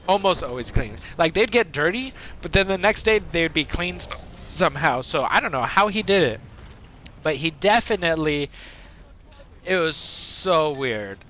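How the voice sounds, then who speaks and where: Bright-voiced man streaming a game. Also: high-pitched, a little hiss or hum. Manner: rambling, reads out and answers chat. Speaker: gaming livestreamer. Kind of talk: casual chat over gameplay.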